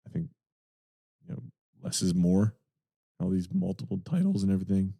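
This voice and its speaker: A man's voice: low-pitched, sing-song, normal speed, dark tone, breathy edge, no room sound, clean studio sound. A man co-hosting a wrestling podcast, giving opinionated takes with joking banter. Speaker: podcast co-host. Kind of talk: casual chat.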